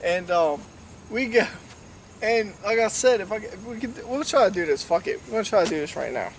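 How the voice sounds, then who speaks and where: Young man, drunk and rambling, profane; high voice, distant mic. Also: expressive, fairly quick. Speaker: storyteller. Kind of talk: casual storytelling to camera. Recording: distant mic, faint noise.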